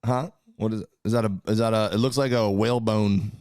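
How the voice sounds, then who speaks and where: A comedian co-hosting a casual podcast, teasing his co-host with deadpan jokes. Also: on the low side, brisk, clean tone, no echo, clean studio sound.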